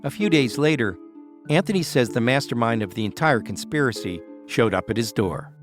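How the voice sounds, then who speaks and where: A man narrating a documentary podcast as host in a measured, scripted storytelling voice. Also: medium pitch, lively intonation, over music.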